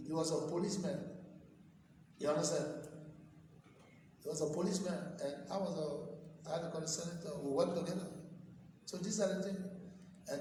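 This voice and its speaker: A man's voice: fairly high pitch, a little mellow, a little hiss or hum. A middle-aged man with a Liberian English accent, speaking as a president in an informal, storytelling way to a group of citizens, often repeating himself. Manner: conversational, anecdotal, repeats himself. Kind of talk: informal address to a delegation. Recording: echoey hall recorded from far off.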